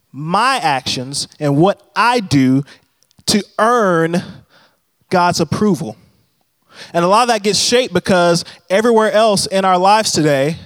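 A man's voice: high-pitched, no echo. A young man preaching a sermon in a conversational, humorous storytelling manner. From Texas. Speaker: pastor.

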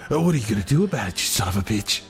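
A man's voice: high-pitched, huge pitch swings, normal speed, creaky, soft background music, voice pushed up, heavily acted. A man doing Mister Pumpernickel, drawling peddler. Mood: defiant.

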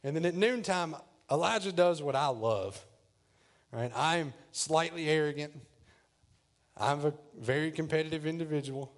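A preacher tells a story from the pulpit with playful humor and energy. His voice sits a touch high, and he speaks in a casual, conversational sermon style. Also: normal speed. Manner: lively, jokey retelling. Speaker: pastor.

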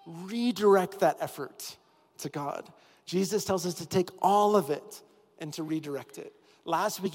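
Man preaching in a reverberant church. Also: a little high. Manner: earnest, repeating key phrases with rising intensity. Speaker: pastor. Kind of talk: sermon. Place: church sanctuary with long reverb. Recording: reverberant hall with soft music behind.

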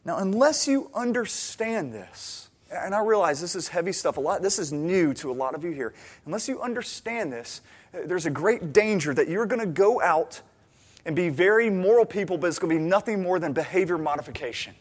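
Speaking a little fast in a high voice, this pastor delivers a sermon full of stories. He brings them to life by voicing each character's lines.

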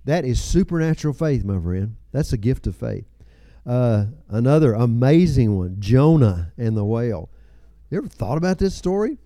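This seventies-aged pastor gives his sermon in a warm, mellow tone at medium pitch, speaking animatedly at a normal speed with hardly any pauses. He spins folksy stories, chuckling and slipping in personal asides. There's no echo; the sound is dry and close-miked.

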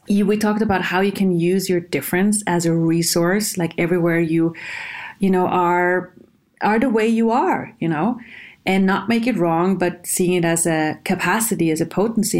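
A woman's voice: lowish voice, a little mellow. Playful woman giving a casual self-help talk. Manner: playful, encouraging, laughs often.

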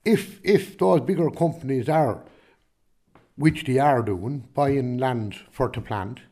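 A man's voice: medium pitch, slow pace, mellow. A man with a Kilkenny Irish accent, a farmer answering interview questions in a rambling, chatty way, full of restarts and "do you know what I mean". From Ireland.

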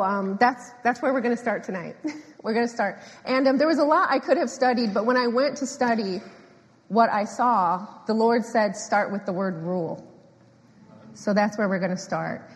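A woman's voice: fairly high pitch, normal speed, breathy edge. Emphatic woman preaching in an echoey hall. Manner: animated, emphatic, laughs often, repeats phrases. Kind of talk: sermon. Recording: echoey hall with long reverb.

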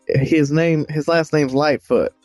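A man playing a tabletop game, describing his character with lively enthusiasm. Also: a little high, slow pace, no echo, soft background music. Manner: animated, enthusiastic storytelling. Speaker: player.

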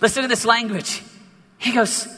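A man preaching a sermon as a youth pastor in an emphatic, animated way, with many repetitions. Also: very high voice, moderate pace, big-room sound.

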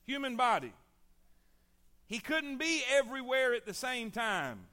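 A man's voice: very high voice, big pitch swings, unhurried, pushed and bright. A man preaching a sermon as pastor, repeating his phrases and calling on the congregation to answer back.

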